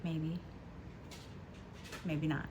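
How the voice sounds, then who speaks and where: A woman chatting casually from home about a book she read, giggling often and filling pauses with ums and likes. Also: sits low, flat delivery, darkish tone, a little hiss or hum. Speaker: book vlogger. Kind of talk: casual book review chat.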